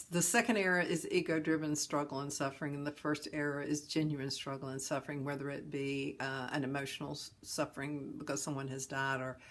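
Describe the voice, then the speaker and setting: A woman hosting a talk on suffering, telling a parable in a gentle, folksy way. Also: sits low. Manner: gentle, folksy storyteller with chuckles. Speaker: host and teacher of a philosophy of ease.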